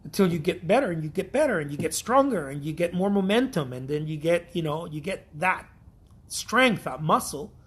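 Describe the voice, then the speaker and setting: A man's voice: a little high, lively intonation, normal speed, breathy edge. A man from Mexico, an artist giving a blunt, profane, repetitive pep talk in a casual vlog.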